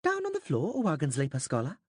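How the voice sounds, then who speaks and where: A man's voice: on the high side, wildly swooping pitch, fairly quick, darkish tone, breathy edge, no room sound, clean studio sound, pitched above the performer's own voice, heavily acted. A man doing a stilted winged alien interpreter. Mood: urgent formal. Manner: stilted, oddly formal phrasing, matter-of-fact. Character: calm, formal winged female alien interpreter.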